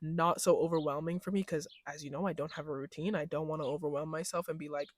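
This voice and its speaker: A young woman vlogger telling a story in casual chat, slangy and animated, laughing often and switching into loud mocking voices when she quotes people. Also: low-pitched, quick pace, no room sound, clean studio sound.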